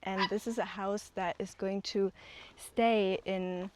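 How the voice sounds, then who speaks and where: A woman's voice: mid-range voice, steady tone, slow, darkish tone. A woman co-founder giving an outdoor walking tour, talking with enthusiasm and many fillers. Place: outdoors on hillside land.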